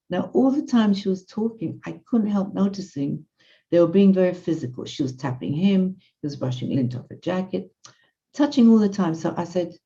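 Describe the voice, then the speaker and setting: Mellow, low-voiced woman telling a story in class. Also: normal speed, creaky. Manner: animated, conversational, quotes others. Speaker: lecturer. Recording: muffled lo-fi audio.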